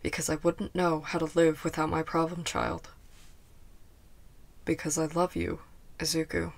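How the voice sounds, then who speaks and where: A woman doing a weary but caring grown man teacher, storybook reading. the voice sits low for her, and she keeps it calm, slow and gentle, letting each word land softly. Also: vocal fry, exaggerated voice. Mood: tender. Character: tired, caring male teacher, adult. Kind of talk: fan fiction audiobook reading.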